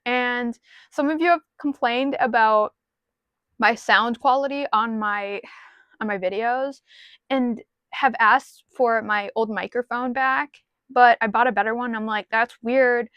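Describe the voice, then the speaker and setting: A woman's voice: a little high, a little slow, dry recording, dull audio. Frank, rambling woman vlogging from her car. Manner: frank, rambling, self-deprecating. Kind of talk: casual talk to camera. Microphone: small mic plugged into a phone.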